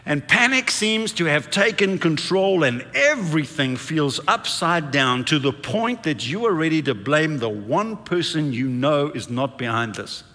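An impassioned male preacher whose high, bright voice swings widely as he builds each point. He drives the congregation to repeat lines back to him. His words ring out with a long reverb in a large church hall. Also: expressive, a little slow, few pauses. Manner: impassioned, dramatic build-ups with congregation call-and-response. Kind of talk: sermon.

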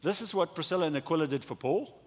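Man, pastor, sermon, animated, acts out dialogues, slightly husky, long hall reverb. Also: fairly high pitch, fast. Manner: animated, acts out little dialogues with stammering restarts.

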